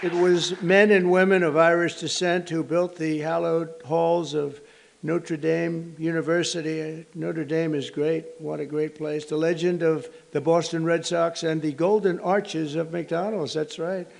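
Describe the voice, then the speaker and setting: A man's voice: fairly high pitch, flat delivery, unhurried, gravelly. An American man in his seventies giving a rambling ceremonial speech at a podium indoors, wandering into teasing asides to guests in the room. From United States. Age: 70s. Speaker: head of state hosting a ceremony. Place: formal indoor reception room.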